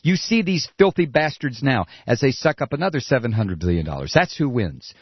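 A man's voice: mid-range voice, very animated, brisk, hardly any pauses, husky, no room sound. A man delivering an angry political rant, profane and sarcastic, with mocking asides. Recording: dull lo-fi recording.

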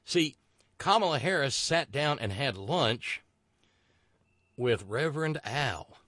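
Male host, lively storyteller, bright dry voice, comic talk show. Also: mid-range voice, dry recording. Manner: animated storyteller, drawn-out asides. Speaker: podcast host. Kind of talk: casual comedic political chat.

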